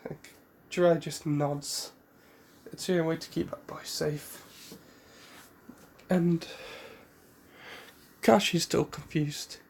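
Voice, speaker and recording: A man's voice: fairly high pitch, fairly even intonation, takes it slowly, vocal fry, pauses often, breathy edge. A man casually retelling a fan story, rambling with fillers, self-corrections and the odd cough.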